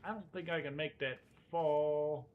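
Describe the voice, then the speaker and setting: A man's voice: a little high, fairly even intonation, unhurried, phone-quality sound. Joking man streaming a game. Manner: joking, talks to himself. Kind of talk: casual gameplay commentary. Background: game music.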